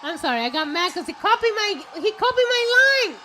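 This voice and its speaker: A woman streamer reacting live to a wrestling show, excitable and swearing, often shouting at the action. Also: very high voice, brisk. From Puerto Rico. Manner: excitable, profane, shouts at the screen.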